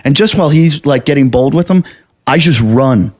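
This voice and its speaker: A man's voice: mid-range voice, animated, moderate pace, darkish tone. A man telling a long story on a casual podcast, acting out the quotes and swearing freely.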